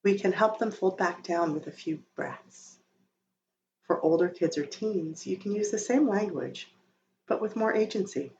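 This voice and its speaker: A woman hosting a podcast, reading a calm scripted narration in a gentle, soothing way. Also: medium pitch. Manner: gentle, soothing, slow-paced delivery. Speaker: podcast host. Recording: slightly dull sound with faint noise.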